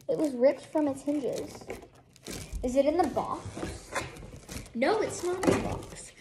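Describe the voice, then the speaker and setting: A teenage vlogger with a high, swooping voice rambles through an unboxing. The delivery is unhurried and full of exasperated grumbling aimed at the viewers. Loud noise sits under the recording throughout. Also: lively intonation. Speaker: vlogger unboxing an advent calendar. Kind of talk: casual unboxing vlog.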